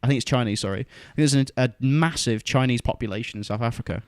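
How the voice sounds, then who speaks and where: A man on a podcast talks at a middle pitch, explaining things at length and teasing his co-hosts. His voice sounds close and dry, without room echo. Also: fast talker. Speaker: podcast co-host. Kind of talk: casual chat.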